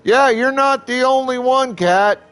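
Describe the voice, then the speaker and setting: A man's voice: extremely high pitch, measured pace, a bit bright, clean tone, faint music behind. A man streaming a game live, chatting casually and rambling, swearing freely as he talks to his chat.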